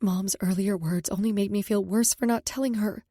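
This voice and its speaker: A woman narrating a first-person romance audiobook in a steady, intimate way. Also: medium pitch, moderate pace, dry recording, clean studio sound.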